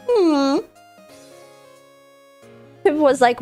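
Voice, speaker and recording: Young woman, fairly high voice, rambling casual stream chat, faint music underneath. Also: expressive, measured pace, long pauses. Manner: rambling, chatty, reads chat aloud and answers it. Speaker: VTuber streamer.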